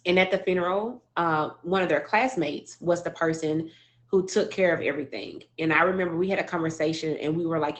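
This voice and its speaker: Woman telling her grief story, halting. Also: lowish voice. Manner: halting, emotional, many restarts and fillers. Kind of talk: personal storytelling.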